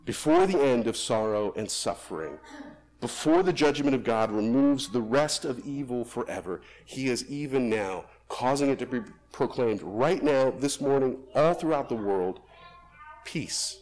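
A man preaching a sermon, rising to emphatic peaks and dropping to soft, hushed phrases, then praying slowly and quietly. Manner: lively, swinging between emphatic rises and soft hushed drops; soft, low, slow prayer voice. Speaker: pastor.

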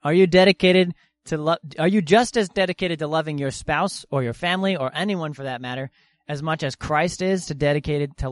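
A man in his twenties preaching a sermon in an earnest, slow and deliberate way, pausing for emphasis. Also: a little high, dry recording. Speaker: young preacher.

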